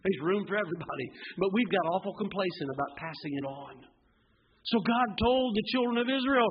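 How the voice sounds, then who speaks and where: A man preaching to his congregation with a high voice and fervent delivery, dropping to near hushes and then rising to excited shouts. He keeps asking the room rhetorical questions. The church recording sounds dull and lo-fi, with a faint hiss underneath. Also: fairly quick. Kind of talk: sermon. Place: church sanctuary.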